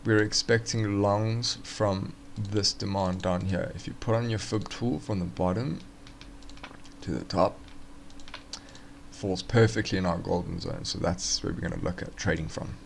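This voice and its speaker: A man's voice: lowish voice, steady tone, unhurried, gravelly, a little hiss or hum. A man casually walking through forex charts on a live stream, thinking aloud with fillers and restarts.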